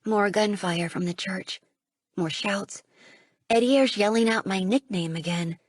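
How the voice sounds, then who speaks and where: Female audiobook narrator, mid pitch, husky texture, dry booth. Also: a little slow, dry recording. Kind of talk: first-person audiobook narration.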